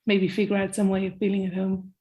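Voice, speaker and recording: A woman from Ireland talks as a guest about her creative work at a middle pitch. She chats loosely, lets her phrases trail off and laughs easily. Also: monotone, quick pace, dark tone, a little hiss or hum. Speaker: comics author, guest. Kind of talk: casual conversation.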